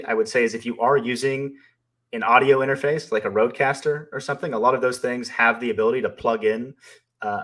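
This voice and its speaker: A man's voice: mid-range voice, a bit bright. A man co-hosting a live stream, reading viewer questions aloud and answering them in a thoughtful, hesitant way with many fillers. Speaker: co-host and company founder.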